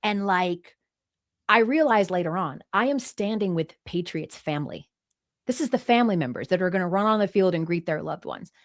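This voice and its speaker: Woman sports anchor, podcast guest, animated storyteller, dry close sound. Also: fairly low pitch, normal speed, dry recording. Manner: lively storyteller, acts out quotes. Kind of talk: casual interview chat.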